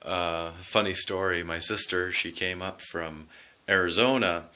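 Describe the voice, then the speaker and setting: A man's voice: low-pitched, steady tone, a little slow, pushed and bright. A man with a southwestern Ontario Canadian accent, hosting a loose, rambling video lesson that demonstrates how words are pronounced. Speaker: video host explaining accents. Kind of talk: casual spoken explainer.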